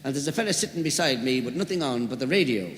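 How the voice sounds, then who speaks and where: Jovial comedian in an echoey hall. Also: male voice, medium pitch, lively intonation, fast, fairly bright tone, a little hiss or hum. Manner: jovial storyteller, leans into punchlines. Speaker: stand-up comedian. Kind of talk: live stand-up comedy routine. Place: large hall with audience. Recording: live hall with echo and long reverb.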